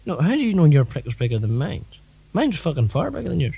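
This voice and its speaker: A man's voice: on the high side, huge pitch swings, fast, creaky, mellow, slightly rough, no room sound, heavily acted, poor audio. A man playing a pompous, blustering panelist in a comedy sketch.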